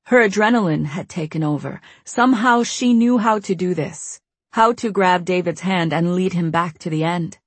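Low husky woman narrating. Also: no echo. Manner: tense, steady storytelling. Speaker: audiobook narrator. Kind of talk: scripted narration.

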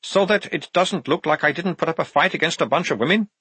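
A hapless male guard, voiced by a man narrating, sheepish and pleading. His voice is somewhat raised with a husky edge, in a dry, close recording. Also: fairly high pitch, a little fast, sharp tone, dry recording, voice pushed up. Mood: wretched.

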